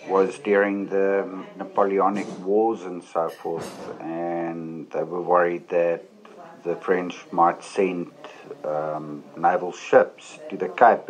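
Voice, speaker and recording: A man's voice: low-pitched, a little mellow, rough recording. A man chatting casually and hesitantly, with many uhs. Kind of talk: casual chat about history.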